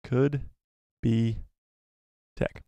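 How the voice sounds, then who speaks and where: A man hosting a casual live stream, animated and self-deprecating, who laughs often. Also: medium pitch, very slow, dry recording. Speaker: livestream host.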